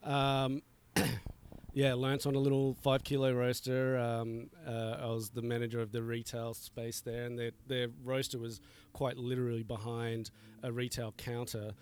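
A middle-aged coffee roaster chats in a laid-back way on a casual podcast recorded outdoors, chuckling often and using plenty of fillers. His mid-range voice is slightly mellow and completely flat, at a moderate pace, with a little hiss or hum in the audio.

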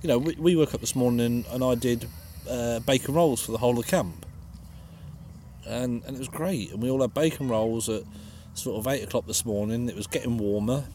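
A man's voice: medium pitch, a little fast, dark tone, slight background noise. A British man co-hosting a podcast, chatting casually and joking while camping at a festival. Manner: chatty, jokey, laughs often. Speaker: podcast co-host. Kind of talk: casual chat. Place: outdoor campsite at a festival.

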